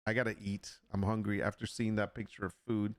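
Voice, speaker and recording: A man hosting a casual live stream, joking and laughing often and slipping into playful mock sales pitches. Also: little pitch movement, fairly quick, no room sound. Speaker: livestream host and digital artist.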